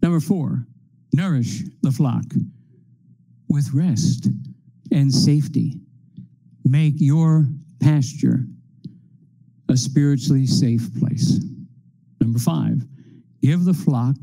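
A preacher delivers a sermon at an unhurried, deliberate pace, working steadily through a list of numbered points. His voice is deeply dark, mellow, and gravelly, and the recording is rough.

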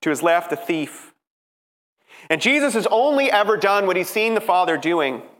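A man preaching a dramatic sermon, emphatic, moving from hushed passages to rising ones. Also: high-pitched, lively intonation, normal speed. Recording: preaching in a reverberant hall.

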